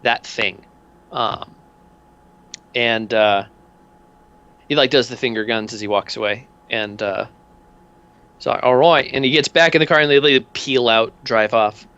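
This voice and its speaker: A man's voice: medium pitch, unhurried, pauses often, sharp tone, smooth. Rambling man running a tabletop game. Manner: casual, rambling, many fillers. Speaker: game master. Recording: dull lo-fi audio.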